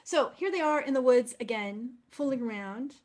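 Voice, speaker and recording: A woman's voice: high-pitched, lively intonation, normal speed, darkish tone. A woman presenting opera program notes in an effusive, enthusiastic manner.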